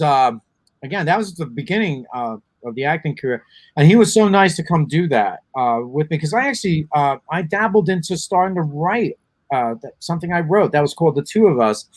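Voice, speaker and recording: A man from the Bronx, chatting in an interview as a guest actor, pausing often on ums and uhs. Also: on the high side, no room sound. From the Bronx, New York. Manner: halting, many ums and uhs. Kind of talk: casual interview chat.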